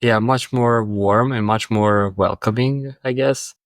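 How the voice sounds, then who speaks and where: Low-voiced man hosting an interview. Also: fairly even intonation, unhurried, dry recording. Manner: hesitant, uses fillers, thoughtful. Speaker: podcast host. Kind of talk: conversational interview.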